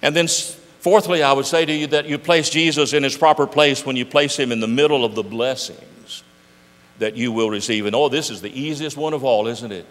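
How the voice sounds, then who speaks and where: A man's voice: mid-range voice, a little fast, a bit bright. Older male preacher, emphatic sermon, rhetorical questions, reverberant church hall. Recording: echoey hall.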